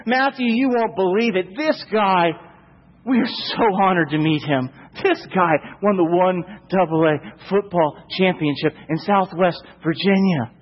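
A man acting out an excited man who is amazed and keeps calling his friends over. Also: sits high, moderate pace, few pauses, long reverb tail, muffled recording.

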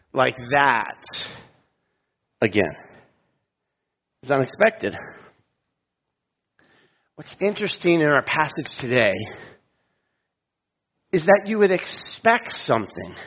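A man preaching a sermon in an auditorium, telling a story with humorous asides and slowing down for emphasis. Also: fairly high pitch, husky. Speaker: pastor. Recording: dull lo-fi sound with long hall reverb.

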